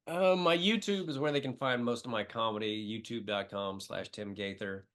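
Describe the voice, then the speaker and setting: A man's voice: medium pitch, moderate pace, a bit bright. A middle-aged man from the Midwest, a comedian talking as a podcast guest, telling emotional stories with many fillers. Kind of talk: casual interview chat.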